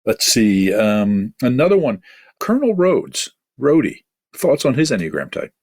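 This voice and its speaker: A man's voice: mid-range voice, huge pitch swings, a little mellow, husky, no echo. A man hosting a podcast discussion, talking casually with frequent fillers and restarts. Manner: halting, many fillers and restarts. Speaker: podcast host.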